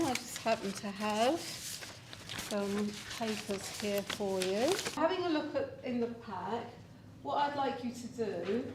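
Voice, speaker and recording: A woman's voice: mid-range voice, darkish tone. Woman lecturer, workshop leader, practical and instructive, mic far off in a noisy room. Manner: practical, gives step-by-step tasks to the audience. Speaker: teacher-education lecturer leading a workshop. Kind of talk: conference workshop talk. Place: large conference room. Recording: roomy distant recording with background noise.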